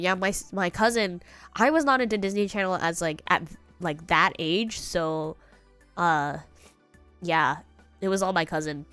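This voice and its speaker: A woman's voice: on the low side, measured pace, a bit bright, clean tone, soft background music. A congested young woman streamer chatting casually and rambling, now and then singing bits of songs. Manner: rambling, sings snatches of songs. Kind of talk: casual chat.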